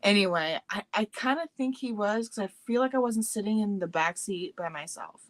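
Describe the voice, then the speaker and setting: A woman's voice: medium pitch, brisk, no room sound. A young woman co-hosting a casual chat show, telling stories with lots of swearing and acting out her own panicked squeals. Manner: animated storyteller, swears freely, acts out panicked squeals. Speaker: podcast co-host.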